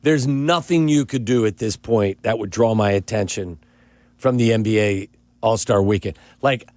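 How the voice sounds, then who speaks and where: A man hosting a sports talk radio show, teasing and pushing back on his co-hosts in animated banter. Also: on the low side, moderate pace, dry recording.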